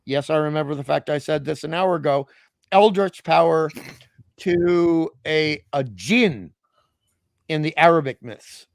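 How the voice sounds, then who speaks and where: A man from Australia co-hosting a casual comedic podcast chat, excitable and jokey, laughing often. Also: fairly high pitch, unhurried, creaky, no room sound. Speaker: podcast co-host.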